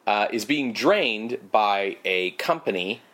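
A man with a somewhat low voice co-hosts a casual podcast. He recaps a film plot in a rambling way, full of fillers and sarcastic asides. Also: animated, slow, fairly bright tone. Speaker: podcast co-host. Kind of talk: casual movie recap chat.

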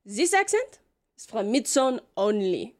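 Woman doing a stiff, put-on-accent townswoman, proud and formal, slightly raised pitch. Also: big pitch swings, a little slow, darkish tone. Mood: indignant.

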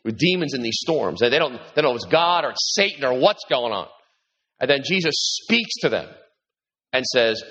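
A man preaching a sermon as pastor, animated and repeating himself, his voice lifting when he quotes Jesus. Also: brisk, slightly rough. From New York. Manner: animated, repeats words, rises in pitch when quoting Jesus. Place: large hall with congregation. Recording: echoey hall, dull sound.

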